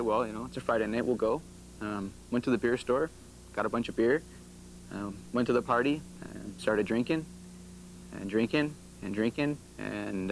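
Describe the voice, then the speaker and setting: Guy in his twenties, mid-pitched, recounting his crash haltingly, with faint noise behind. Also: gravelly, a bit bright, low-quality recording. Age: 20s. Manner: hesitant, many ums and uhs. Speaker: crash survivor speaking to students. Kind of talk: personal story told to a group.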